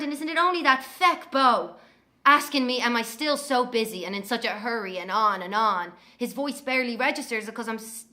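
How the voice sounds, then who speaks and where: In an audio drama, an Irish-accented actress plays a young woman haunted by her missing twin, delivering her story as a dramatic monologue. Her voice is high, bright, and forceful, and her storytelling is breathless and quick to anger.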